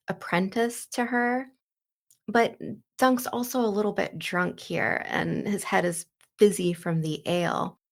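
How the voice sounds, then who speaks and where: A woman's voice: medium pitch, creaky. A woman hosting a book walkthrough, retelling the story in a loose, chatty way full of "like" and "you know.". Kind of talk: casual book commentary and retelling.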